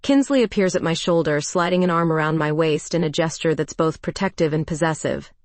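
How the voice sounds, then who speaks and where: A woman narrating a first-person romance story in a calm, even storytelling voice. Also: low-pitched, brisk, no room sound.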